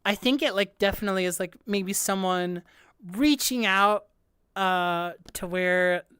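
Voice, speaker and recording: A woman's voice: medium pitch, a little slow, smooth, no echo. Gushing young woman streamer, dry sound. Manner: excitable, gushing, heavy use of filler "like". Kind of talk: live music reaction stream. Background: faint album music playing.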